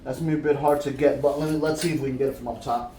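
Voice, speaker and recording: A man's voice: medium pitch, fairly even intonation, racing, warm tone, a little hiss or hum. A man who grew up in the United States, talking casually as he walks through a scooter repair, rambling and correcting himself as he works. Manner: rambling, chatty, self-correcting. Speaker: DIY vlogger. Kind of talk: casual how-to vlog. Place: garage or yard, working on a scooter.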